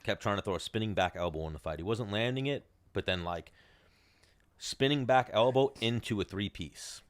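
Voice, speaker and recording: A man's voice: lowish voice, moderate pace. A man hosting a podcast who goes over fights in a loose, rambling way. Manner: rambling, loose, with lots of fillers. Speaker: podcast host. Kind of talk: casual chat, fight recap.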